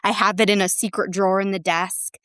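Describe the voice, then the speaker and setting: A woman's voice: medium pitch, level tone, a little fast, fairly bright tone, dry recording, clean studio sound. Earnest woman talking about a park. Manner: enthusiastic, earnest storytelling. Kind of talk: casual chat.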